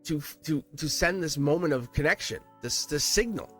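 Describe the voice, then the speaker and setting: An excitable man runs a tarot reading straight to his viewers, his fairly high voice leaping up and down as he presses each point. He laughs often, repeats himself and sounds close to tears. Soft music plays quietly underneath. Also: moderate pace. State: emotional, near tears. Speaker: tarot reader. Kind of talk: emotional tarot reading to camera. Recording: soft music playing behind.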